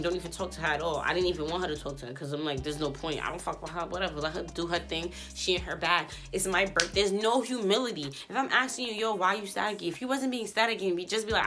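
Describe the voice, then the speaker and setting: A woman's voice: lowish voice, fast talker, few pauses, sharp tone, faint music behind. A woman vlogger and stylist telling a casual storytime rant, blunt and profane, acting out both sides of an argument. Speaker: YouTube host and stylist.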